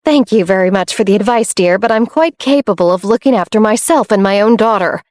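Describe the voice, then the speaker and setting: A woman's voice: medium pitch, a little fast, darkish tone, dry recording, natural voice. A haughty middle-aged stepmother, icy and prim, who talks down to everyone in a condescending, clipped tone, as a woman narrator puts her on. The storybook voice is dry and close-miked. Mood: frosty.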